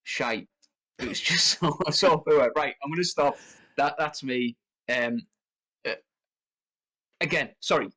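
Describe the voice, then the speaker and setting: A man with a fairly high voice talks through a casual film chat. He rambles, restarts often and his pitch leaps up when he gets heated. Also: slow, long pauses, pushed and bright, low-quality recording. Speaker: podcast co-host.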